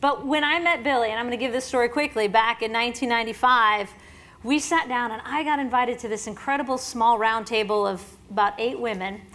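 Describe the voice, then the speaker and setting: A woman in her forties interviewing on stage at an awards event, an animated storyteller who laughs often. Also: fairly high pitch, a little fast.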